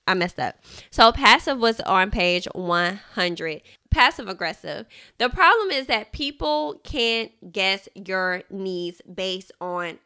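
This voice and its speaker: Woman, podcast host, bright tone, smooth clear voice, casual chatty book talk. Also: medium pitch. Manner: chatty, animated, laughs often, addresses listeners as y'all.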